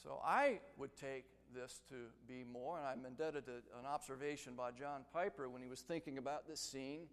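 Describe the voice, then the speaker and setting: A man preaching an expository sermon, building to loud, emphatic crescendos. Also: medium pitch, normal speed, few pauses. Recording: long reverb of a large hall.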